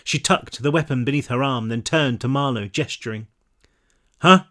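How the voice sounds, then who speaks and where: A man narrating his own novel in a measured reading, now and then dropping into relaxed asides to his listeners. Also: mid-range voice. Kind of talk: audiobook-style read-through.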